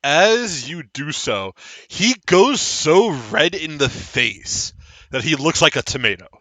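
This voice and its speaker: A man narrating as game master, animated and often laughing. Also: on the high side, slow, dry recording.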